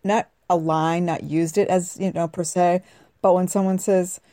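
A woman's voice: on the low side, little pitch movement, moderate pace, dark tone, dry recording. A middle-aged woman from New England hosting a casual radio chat, talkative and laughing often as she acts out quoted lines. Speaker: radio host.

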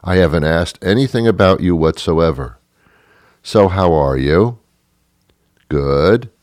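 A man's voice: deep voice, lively intonation, slow, a little mellow, no echo, studio quality. An older man hosting a radio show, rambling in a grumpy, sarcastic monologue.

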